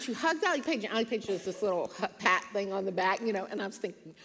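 A woman in her sixties giving an earnest devotional talk, telling a personal story with animated quoted voices. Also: mid-range voice, fast talker, gravelly, few pauses. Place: church hall. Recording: church hall with long reverb.

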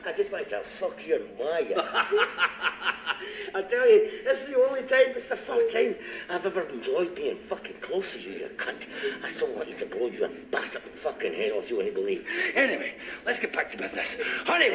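An actor playing a sadistic, gloating gangster who mocks and taunts. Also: male voice, high-pitched, very animated, fairly quick, a bit bright, echoey room, exaggerated voice. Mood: mocking. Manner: mocking, taunting, laughing cruelly. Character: sadistic gloating British gangster, middle-aged man.

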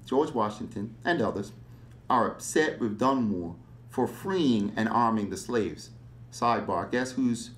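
A man giving a public history lecture, animated and fond of rhetorical questions. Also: fairly low pitch.

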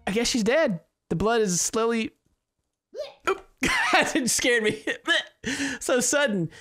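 A gaming YouTuber does let's-play commentary, rambling, laughing often and hamming up mock-romantic lines aimed at a game character. His voice is very high and animated, with a slow pace and a fairly bright tone.

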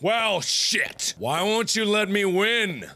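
Loud, animated gaming host man. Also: high-pitched, takes it slowly. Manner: loud, goofy and frustrated, rambling mock history. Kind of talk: let's play commentary.

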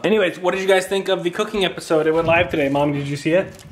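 A man's voice: sits high, racing. A young man with an American accent talking casually to a handheld camera at home, chatty and easily distracted. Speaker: vlogger. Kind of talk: casual family vlog chat. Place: family home, indoors.

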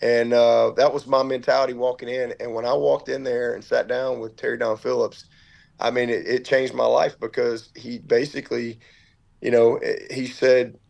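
A middle-aged man recounts a story in an interview, his words tumbling out in earnest restarts. His voice has a gravelly fry at the bottom and sits at an ordinary male pitch. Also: little pitch movement, moderate pace, darkish tone. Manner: earnest, tumbling storyteller who acts out what others said. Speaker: football head coach, podcast guest.

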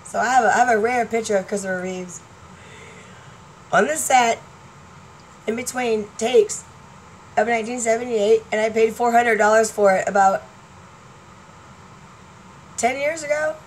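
Here the 40-something vlogger's voice is a little high and her pace normal, though she pauses often. She's scattered and chatty, laughs frequently, and skips from topic to topic as she rambles to fans, all over poor audio with faint noise behind her.

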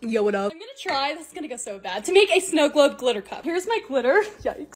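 A young woman narrating her own lifestyle vlog in a bubbly, excitable, casual way. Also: high-pitched, fast. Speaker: lifestyle content creator.

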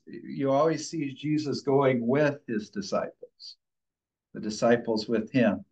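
Man, Bible study leader, conversational, loose, restarts his sentences, mid-pitched voice. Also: darkish tone, highs cut off. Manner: informal, thinks aloud with fillers and restarts. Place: church.

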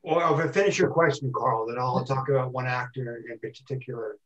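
An older man giving a talk on a video call, speaking haltingly and repeating words as he stutters. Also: medium pitch, a bit bright, reverberant, recorded from a distance, highs cut off. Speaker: guest speaker.

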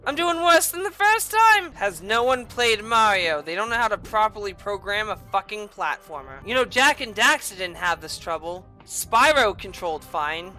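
A young woman giving rage-filled gameplay commentary as a host, swearing and yelling at the game. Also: mid-range voice, animated, moderate pace, hardly any pauses, faint music behind. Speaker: gaming video host.

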